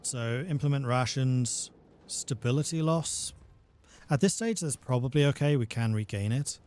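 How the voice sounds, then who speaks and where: Male game dev, livestream explainer, steady and plain-voiced. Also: medium pitch, moderate pace. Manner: patient, step-by-step explanations. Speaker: game developer.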